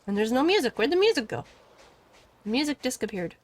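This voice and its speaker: A woman's voice: high-pitched, big pitch swings, brisk. A woman chatting casually and giggling while live streaming a game, rambling and talking back to the game.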